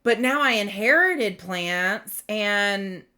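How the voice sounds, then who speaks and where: A middle-aged woman giving a rambling spiritual tarot reading, gentle and full of fillers and restarts. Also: medium pitch, lively intonation, slow. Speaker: tarot reader.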